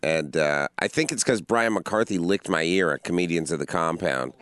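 A man in casual comedic podcast chat, telling crude stories with a deadpan delivery. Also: deep voice, moderate pace. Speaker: podcast co-host.

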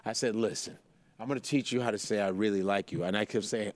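A man's voice: fairly low pitch, quick pace, darkish tone. A man co-hosting a comedy podcast, trading crude jokes and telling stories with lots of laughter. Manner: joking, laughs a lot, tells stories. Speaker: podcast co-host. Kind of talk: crude casual comedy banter.

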